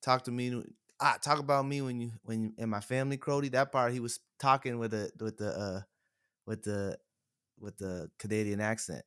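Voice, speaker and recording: A young adult man co-hosting a podcast, chatting excitedly and laughing as he talks. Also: medium pitch, moderate pace, smooth. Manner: excited, quotes lines, laughs often. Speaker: podcast co-host. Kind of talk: casual chat.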